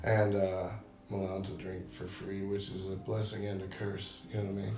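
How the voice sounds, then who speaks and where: A man's voice: deep voice, completely flat delivery, moderate pace, a little mellow. A man in his twenties, a podcast guest telling profane, brash stories in casual chat. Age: 20s. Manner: brash, profane, tells stories with quoted voices. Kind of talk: casual storytelling. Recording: echoey room.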